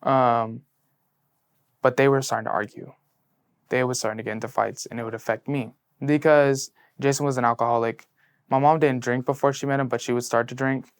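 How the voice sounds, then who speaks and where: A recent high school graduate in his late teens talks a little fast and smoothly as he tells his faith story in a sit-down interview. He's sincere, relies on "like," and shifts between hushed and lively moments.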